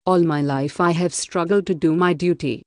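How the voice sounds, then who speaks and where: Calm, wise housewife, read by a woman. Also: on the low side, moderate pace, no room sound, clean studio sound, natural voice. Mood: explaining. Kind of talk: audiobook reading.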